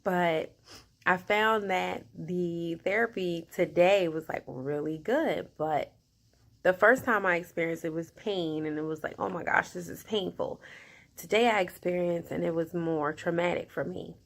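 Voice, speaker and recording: A woman vlogging casually about her day, chatty and animated, often laughing and quoting herself. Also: on the low side, measured pace, creaky. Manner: chatty, animated, talks to herself in quoted asides; laughs often while talking. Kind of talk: casual personal video diary.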